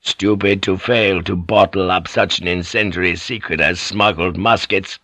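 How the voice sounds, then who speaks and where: A man voicing a very deep, commanding warlord. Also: fairly bright tone, dry recording, full character voice. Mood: gruff. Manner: measured, cunning, authoritative. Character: shrewd, commanding male feudal warlord.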